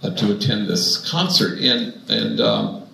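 A man's voice: fairly low pitch, measured pace, gravelly, sharp tone, roomy sound, slight background noise, rough recording. A man, a priest, giving a storytelling sermon, wry at first and then earnest.

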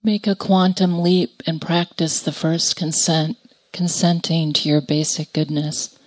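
Slow, low-voiced woman guiding a reflection. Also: level tone, dry recording, low-quality recording. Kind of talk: guided reflection.

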